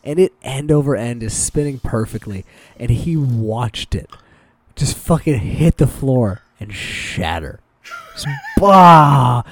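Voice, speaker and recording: A man's voice: medium pitch, dry recording. A man co-hosting a podcast, telling work stories in a loose, swearing chat and acting out what people said. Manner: animated storytelling, swearing, quoting people. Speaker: podcast co-host. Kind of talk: casual chat.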